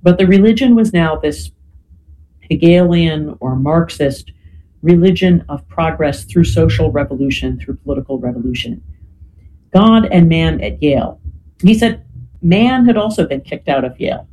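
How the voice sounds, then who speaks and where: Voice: mid-range voice, lively intonation, moderate pace, mellow, slight background noise, poor audio. A lecturer giving an explanatory talk, often checking in with "right?" and filling gaps with "you know".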